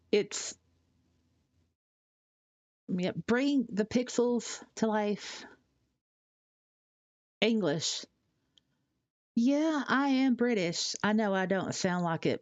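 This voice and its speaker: A woman from Tennessee, chatting casually on a live stream, rambling and halting with fillers as she reads out chat messages. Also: medium pitch, no echo, highs cut off. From Tennessee, USA.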